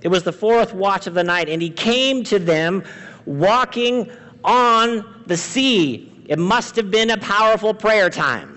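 High-voiced preacher in a reverberant hall. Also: male voice, lively intonation, a little slow. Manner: swings from loud emphatic lines to hushed quiet ones. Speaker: pastor. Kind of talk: sermon. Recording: long reverb of a large hall.

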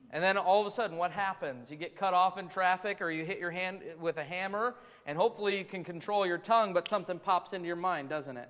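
A man's voice: high voice, brisk, fairly bright tone. A man preaching a sermon as pastor, speaking conversationally and asking the congregation rhetorical questions. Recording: long reverb of a large hall.

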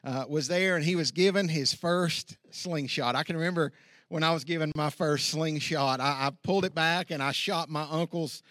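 A middle-aged man preaching a sermon outdoors, telling a folksy story with lively asides. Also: on the high side, normal speed, no room sound, clean studio sound. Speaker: pastor. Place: outdoor church service.

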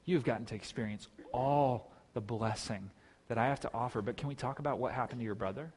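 A man voicing a gentle father pleading softly with his son. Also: medium pitch, fast talker, in a large hall, a little hiss or hum, natural voice.

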